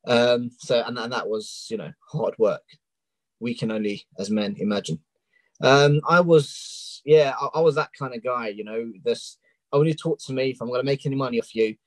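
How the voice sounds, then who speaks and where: A man from England with a London accent speaks candidly in a casual interview and often pauses on "um." His voice sits low to mid in pitch, and the sound is dry and close, with little room behind it. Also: no room sound, low-quality recording. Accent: London English. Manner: open and candid, with many ums. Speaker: coaching client guest. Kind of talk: casual interview on a live stream.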